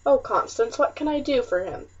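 Brief: a woman doing an anguished colonial mother at breaking point, high, muffled and distant. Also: lively intonation, normal speed. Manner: sobbing outbursts, then hushed and hollow. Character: grief-stricken pioneer mother, strong but breaking. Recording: muffled, slightly distant recording.

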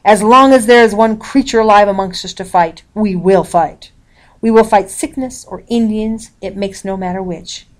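A woman's voice: medium pitch, normal speed, natural voice. A woman voicing a stern, commanding colonial father who roars orders, read from a storybook. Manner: roaring, commanding.

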